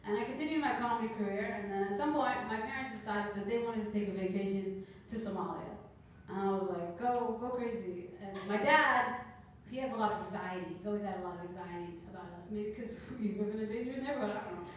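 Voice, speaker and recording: A woman in her thirties from Canada doing a stand-up comedy set, telling stories with deadpan, dark punchlines. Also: mid-range voice, quick pace, slight background noise. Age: 30s. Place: comedy club stage. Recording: echoey club room heard from a distance.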